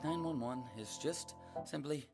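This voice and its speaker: A man voicing a panicked character in a video game, frantic and swearing, whisper-shouting as he pleads for help. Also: fairly high pitch, a little slow, creaky. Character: panicked man hiding from a killer. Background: loud music.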